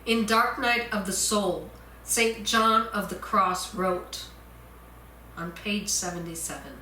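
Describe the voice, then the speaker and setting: A woman minister delivering a sermon in a church, slow and deliberate, repeating her key points. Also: mid-range voice, bright, forceful tone, slight background noise. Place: church sanctuary. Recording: roomy church echo.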